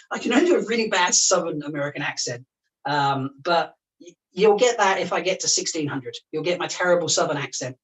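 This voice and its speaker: Chef-streamer, casual and giggly, mid-pitch voice, cooking and chatting at once, mic a fair way off. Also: expressive, moderate pace, fairly bright tone. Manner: chatty, laughs often, busy cooking while talking. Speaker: chef and charity livestream host. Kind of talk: casual livestream chat. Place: home kitchen with the oven on. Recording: voice picked up from a distance.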